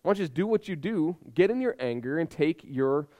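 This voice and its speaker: A man's voice: on the high side, animated, a little fast, dark tone, lightly acted. A man playing a coaxing cruel queen. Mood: goading. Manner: coaxing, goading. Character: scheming cruel queen goading her husband.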